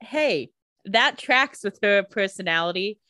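A woman co-hosting a podcast, making quick-witted, joking asides about a TV episode. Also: mid-range voice, expressive, pushed and bright, no echo, clean studio sound. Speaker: podcast co-host. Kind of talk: casual TV episode recap chat.

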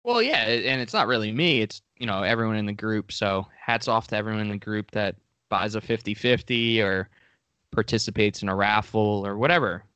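A man's voice: lowish voice, fairly quick, pushed and bright, smooth, no echo. A man co-hosting a podcast in a laid-back, casual way, full of "dude" and "like," close to a studio microphone. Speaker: podcast co-host.

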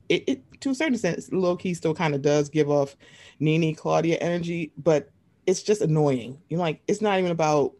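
A woman co-hosting a podcast in casual, profane chat about reality TV, acting out what she would say to the cast. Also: low-pitched. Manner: animated, profane, acts out voices in quotes. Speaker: podcast co-host.

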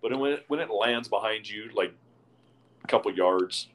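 A man's voice: lowish voice, moderate pace, fairly bright tone, a little hiss or hum. A man co-hosting a podcast, telling a profane story and laughing through it. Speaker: podcast co-host. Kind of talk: casual chat.

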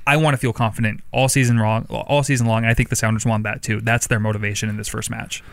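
A man co-hosting a casual sports podcast, easygoing and quick to laugh. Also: lowish voice, level tone, vocal fry, no room sound. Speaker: podcast co-host.

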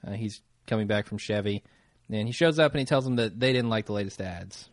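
A man co-hosting a casual podcast, easygoing and quick to laugh as he walks through an episode recap. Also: lowish voice, no room sound, studio quality. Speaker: podcast co-host.

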